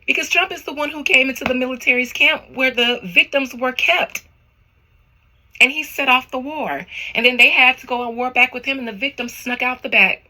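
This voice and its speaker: A woman's voice: high-pitched, moderate pace, sharp tone, low-quality recording. A woman tarot reader talking casually to her viewers, rambling and slangy, in a spiritual reading vlog.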